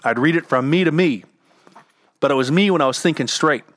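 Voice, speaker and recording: Earnestly sharing advice, a middle-aged cancer survivor and entrepreneur talks candidly about getting through illness at his home with dogs, often repeating words. His fairly high, slightly bright voice moves at a fairly quick pace, with no room sound.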